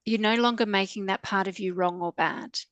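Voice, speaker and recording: A woman coach speaking as a podcast guest. She explains things in a calm, soothing, reassuring way, in a mid-range voice. The recording is dry and close. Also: medium pitch, brisk, no echo, muffled recording. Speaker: trauma coach.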